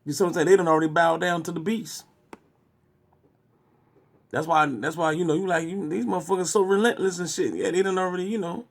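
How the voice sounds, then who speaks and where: A man's voice: high voice, steady tone, a little fast, creaky, pauses often. A man hosting, giving loose, profane, slangy commentary on a clip he is replaying. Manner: loose, slangy, heckling interjections. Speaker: host reacting to a clip.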